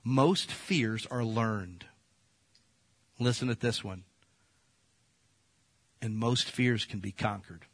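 A man preaching a sermon in a folksy, animated storytelling manner, acting out the voices in his stories. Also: on the low side, slow, pauses often, dry recording. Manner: folksy, addresses the congregation as folks. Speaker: pastor.

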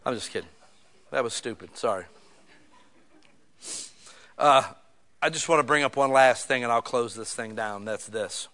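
A male pastor preaching a sermon in a church, joking and casual, swinging from quiet asides to loud bursts. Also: mid-range voice, moderate pace, pauses often.

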